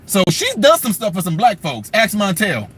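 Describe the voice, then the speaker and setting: A man running a political livestream offers casual, animated commentary, mocking trolls and reading comments from viewers. He speaks at normal speed in a high voice, with slight background noise.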